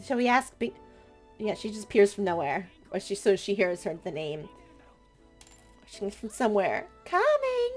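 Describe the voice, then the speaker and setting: A woman's voice: mid-range voice, normal speed, pauses often, faint music behind. A young woman streamer playing a story game, chatty and playful, reacting with jokes. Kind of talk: game playthrough commentary.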